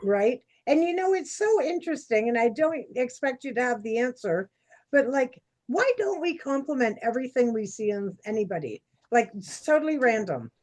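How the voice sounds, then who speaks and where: A woman, co-hosting a casual chat and telling stories in a chatty, animated way. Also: a little high, normal speed. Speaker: podcast co-host.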